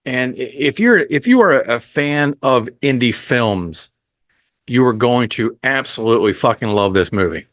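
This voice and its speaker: A man's voice: medium pitch, animated, a bit bright, no room sound. A man hosting a podcast, giving a casual, rambling film review full of ums and blunt profanity. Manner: unhurried, rambling with frequent ums.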